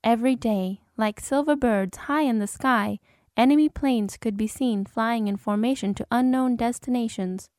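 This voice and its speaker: A woman giving measured, dramatic audiobook narration. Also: fairly high pitch, darkish tone, dry recording, clean studio sound. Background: orchestral film score.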